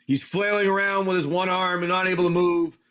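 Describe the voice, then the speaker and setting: A man's voice: high voice, flat delivery, brisk, fairly bright tone. A man running a tabletop game on a live stream, narrating each move play by play. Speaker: game master.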